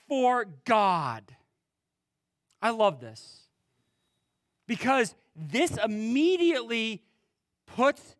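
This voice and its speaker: High-voiced pastor, slow dramatic preaching. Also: male voice, dry recording, studio quality. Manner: preaching with dramatic pauses and wide swings in pitch and loudness. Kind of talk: sermon.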